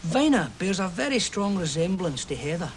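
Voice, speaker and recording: An actor with a Glaswegian Scottish accent playing a chatty, romantic football fan who tells a story with lively swings into hushed tones. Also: male voice, high voice, moderate pace, a little hiss or hum. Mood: warm storytelling. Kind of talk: stage play acting.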